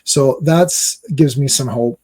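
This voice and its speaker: A man's voice: medium pitch, takes it slowly, a little mellow, husky. A man giving casual reaction commentary on a movie trailer, rambling and exasperated with lots of fillers.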